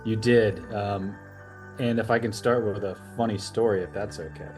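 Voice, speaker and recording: A low, deep American man in his forties talks through his memories. He tells them with energy, acting out the other people's lines and often laughing at himself. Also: moderate pace, faint music behind. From United States. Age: 40s. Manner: animated storyteller, acts out dialogue, laughs at himself. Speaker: guest, retired army officer and coach. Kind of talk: conversational interview storytelling.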